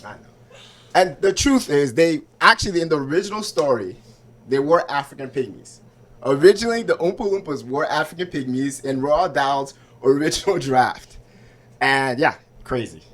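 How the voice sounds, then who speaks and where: A man with a high voice does stand-up at an open mic. He talks loosely and conversationally, checking in with the crowd again and again. He is heard on a handheld mic on a small club stage. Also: lively intonation, moderate pace. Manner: conversational, asks crowd for agreement. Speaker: stand-up comedian.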